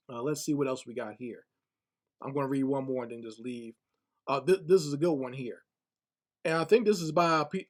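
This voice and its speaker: A man giving casual spoken commentary online, blunt and scornful, often repeating words as he gathers his thoughts. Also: a little high.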